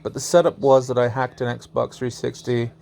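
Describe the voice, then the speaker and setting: A man's voice: medium pitch, flat delivery, normal speed, vocal fry, a little mellow. A young man casually telling a strange story as a vlogger, laughing often and swearing freely.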